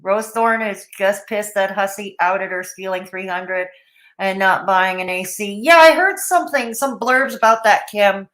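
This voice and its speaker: A woman's voice: mid-range voice, measured pace, a bit bright. A woman hosting a casual livestream, blunt and opinionated, greeting chat viewers by name between comments. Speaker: livestream host.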